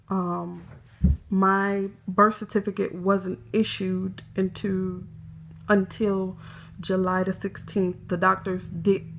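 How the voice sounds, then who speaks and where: A woman speaking in a hesitant, halting way as she records a confessional personal vlog, emotional and close to tears. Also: mid-range voice. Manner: hesitant, halting, soft-spoken. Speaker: vlogger.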